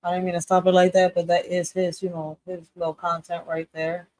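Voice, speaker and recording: A co-host talks to viewers in a casual, animated way, calling them y'all. The voice sits at a middle pitch and sounds dry and close to the mic. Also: brisk, no room sound. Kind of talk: casual livestream commentary.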